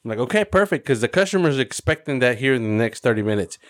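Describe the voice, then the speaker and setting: Animated man telling a story. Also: medium pitch, fast, no echo, studio quality. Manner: animated, profane storytelling with voiced quotes. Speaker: podcast co-host. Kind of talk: casual storytelling chat.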